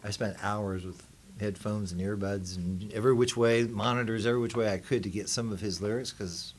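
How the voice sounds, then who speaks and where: A man's voice: fairly low pitch, fairly even intonation, a little fast, a little hiss or hum. A man, a band member, speaking reflectively in an oral history interview in a museum.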